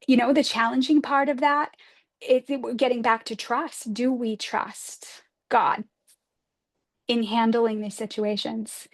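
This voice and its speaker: Earnest woman spiritual advisor. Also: fairly high pitch. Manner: gentle, earnest, often asks reflective questions. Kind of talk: livestream spiritual talk.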